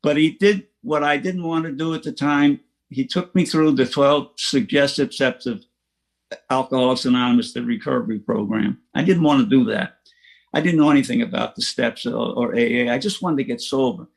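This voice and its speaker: A man's voice: mid-range voice, moderate pace, vocal fry. An older man sharing his recovery story at an online meeting, plain-spoken and chuckling, with frequent restarts. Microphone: online meeting from home.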